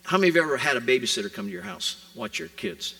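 A man's voice: medium pitch, sing-song, very fast, creaky, bright, forceful tone, far from the mic, rough recording. A man preaching a sermon in a conversational way, asking rhetorical questions and acting out quotes. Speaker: pastor.

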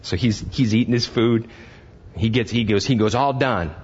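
Older male pastor, lowish voice, conversational sermon that builds to fervor; muffled church recording. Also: fairly even intonation, normal speed, darkish tone, husky. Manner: conversational preaching, rising to impassioned emphasis.

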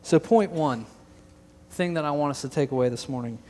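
A man's voice: a little high, brisk, warm tone. A young man preaching a sermon as pastor, earnest and emphatic, with joking asides to the congregation. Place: large church hall. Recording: long hall reverb.

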